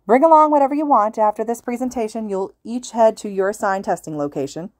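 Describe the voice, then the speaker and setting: Woman voicing a hyped male hero announcer, showman booming at a crowd, dry read. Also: a little fast, dark tone, no room sound, close to an everyday voice. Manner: booming showman calls to listeners.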